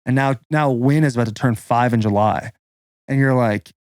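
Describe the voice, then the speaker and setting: A podcast host in his thirties tells a personal story loosely, swearing and saying "like" constantly. His mid-range voice is darkish, clear and resonant at normal speed, with clean studio sound and no room noise.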